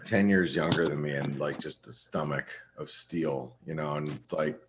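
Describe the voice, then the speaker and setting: A man's voice: extremely low pitch, moderate pace, background noise. A middle-aged man hosting a trading webinar, talking loosely about market analysis with many restarts and fillers. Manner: rambling, with frequent restarts and fillers. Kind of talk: casual trading webinar talk.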